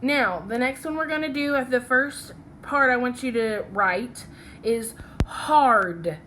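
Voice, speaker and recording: A young woman teacher leading a phonics lesson, talking slowly and checking in often with "okay?" as she writes along. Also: on the high side, a bit bright, a little hiss or hum. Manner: slow, patient, checks in with "okay?".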